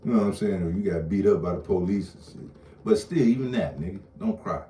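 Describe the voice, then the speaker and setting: Deep-voiced man ranting bluntly to camera; mic set back, faint background hum. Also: fairly even intonation, fairly quick, mellow. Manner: blunt, profane, repetitive. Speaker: online commentator. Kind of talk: casual rant to camera. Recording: roomy echo, distant mic, faint ambience.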